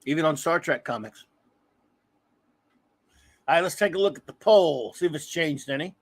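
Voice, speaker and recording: A man's voice: a little high, lively intonation, normal speed. A man hosting a casual comics livestream, talking in a rambling, self-deprecating way with many restarts. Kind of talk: casual chat.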